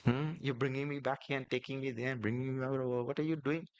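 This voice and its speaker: A man voicing a gentle divine prince who teases the boatman with a mock complaint, within a sermon story. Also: mid-range voice, steady tone, quick pace, clear, resonant tone, muffled recording, natural voice. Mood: teasing.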